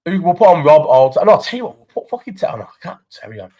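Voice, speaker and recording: A man's voice: on the high side, lively intonation, racing, darkish tone. A young man hosting a casual live chat into his phone, sweary and rambling as he banters with viewers' comments. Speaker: live stream host.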